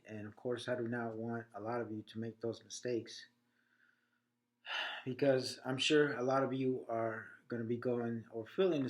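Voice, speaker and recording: A man talks to the camera indoors, pausing often with fillers as he speaks. He sounds a little short of breath, and his voice sits at an ordinary middle pitch. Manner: halting, many fillers. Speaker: veteran video blogger. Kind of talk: casual talk to camera.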